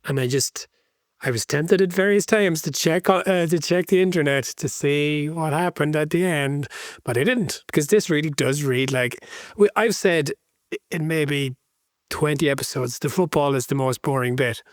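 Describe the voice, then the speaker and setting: A man's voice: fairly high pitch, moderate pace, no room sound. A man co-hosting a football book podcast, speaking with earnest enthusiasm and thinking aloud as he goes. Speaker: podcast co-host. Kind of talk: casual book-club chat.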